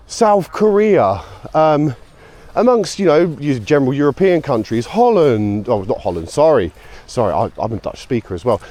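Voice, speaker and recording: A British man talks to camera while out walking his dog, in a voice of middling pitch. He rambles and chats casually, with dry sarcastic asides, recorded outdoors on a portable mic. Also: mellow. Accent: British English. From United Kingdom. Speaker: vlogger.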